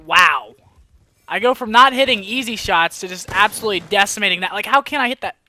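A young man narrates his own gameplay live into a headset mic, his voice high and very bright. He drifts between quiet mumbling and sudden frustrated outbursts. Gunshots from the game sound behind him. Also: fairly quick, a little hiss or hum. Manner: excitable, swings from mumbling to frustrated yelling. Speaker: gaming commentator. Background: gunfire from the game.

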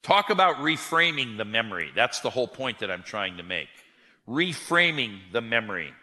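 Bright and forceful, a preacher's medium-pitched voice fills a large hall with long reverb as he speaks at normal speed. He tells his sermon story animatedly, voicing each person's lines as he goes.

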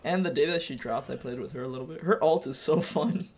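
Young guy, kinda high voice, loud swearing banter while gaming. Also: quick pace. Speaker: gaming channel host. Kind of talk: casual gameplay commentary.

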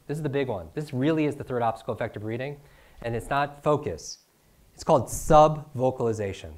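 Teaching a live seminar on speed reading, a middle-aged man keeps the energy up with rhetorical questions and a habitual "right?". He has a mid-range, slightly mellow voice.

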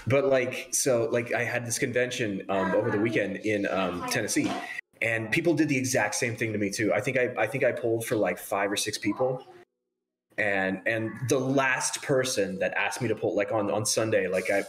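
Laid-back man with a lowish voice. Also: normal speed. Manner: relaxed, chatty, self-deprecating. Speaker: guest voice actor. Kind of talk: casual streaming chat.

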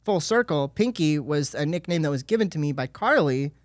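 A man's voice: on the high side, brisk, very noisy. A man in his thirties, a podcast guest, telling stories in a casual chat with bursts of laughter. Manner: animated, laughing storyteller.

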